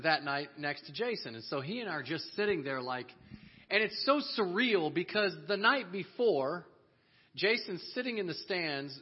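Husky-voiced man telling a lively story. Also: high voice. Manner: animated, laughs often, acts out the people he quotes. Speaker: speaker telling a story to a church audience. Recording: dull lo-fi audio.

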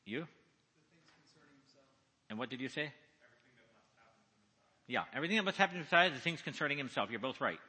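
A man preaching at a conference, reading scripture slowly and with emphasis and asking his listeners questions. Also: mid-range voice, lively intonation, pushed and bright, husky. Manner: reads slowly, deliberately, with emphasis; asks the audience questions. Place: large conference hall. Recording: echoey hall reverb.

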